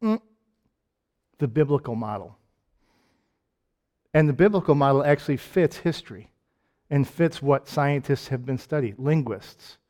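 A man with a Michigan accent preaching a conversational sermon, firing off rhetorical questions and jokes and swinging between loud and quiet. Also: fairly high pitch. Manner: asks lots of rhetorical questions.

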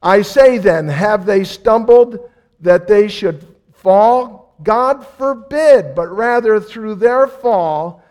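High-voiced preacher repeating his points. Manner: repeats key phrases for emphasis, acts out quoted voices. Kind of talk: sermon.

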